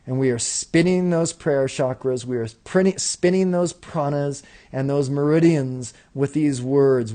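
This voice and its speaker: Guy chanting spiritual decrees, mid-pitched voice, rhythmic lists over and over, chill asides to the listeners. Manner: rhythmic, incantatory, repeating lists with rising emphasis; slips into relaxed asides to listeners. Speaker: spiritual teacher leading a live invocation session.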